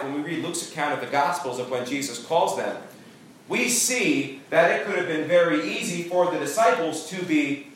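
A male pastor delivers an emphatic sermon and calls out to his congregation for responses. His voice sits a little high. It is heard from some distance in a strongly echoing church room. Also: fairly bright tone, a little hiss or hum. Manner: emphatic preaching with call-and-response.

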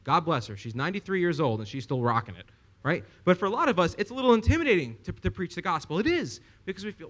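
A young man preaching a sermon, telling a story with lively asides and rhetorical questions to the congregation. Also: high-pitched, quick pace.

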